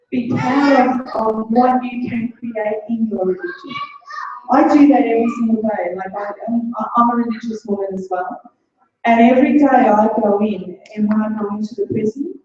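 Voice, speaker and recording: A woman's voice: on the high side, a little mellow, very echoey, distant mic, highs cut off. A middle-aged woman giving an earnest motivational talk, repeating phrases for emphasis. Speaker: guest speaker.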